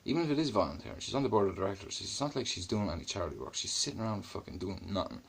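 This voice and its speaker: A man's voice: low-pitched, animated, rapid-fire, creaky, slightly rough. An Irish man giving blunt, sarcastic commentary on a video he is playing, swearing freely. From Ireland. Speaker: YouTube commentator.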